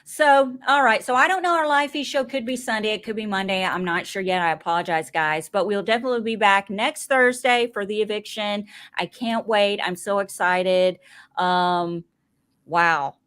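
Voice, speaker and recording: A woman's voice: mid-range voice, moderate pace, fairly bright tone. A woman with a Southern US accent hosting a casual chat show, playful and laughing often. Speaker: podcast host.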